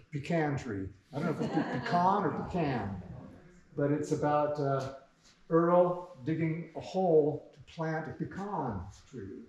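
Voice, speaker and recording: A man gives a lecture in a relaxed, chuckling way, reading his comic strips aloud. His voice sits a little high. It rings through a very echoey room from a distant mic. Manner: chuckling, conversational storyteller. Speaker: cartoonist giving a lecture. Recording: very echoey room heard from far off.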